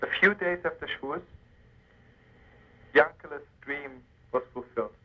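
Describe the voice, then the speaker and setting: A man's voice: fairly high pitch, a little slow, lo-fi sound. A man telling a Hasidic tale on the radio, addressing listeners as friends with chuckles and emphasis. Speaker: storyteller. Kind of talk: spoken storytelling on radio.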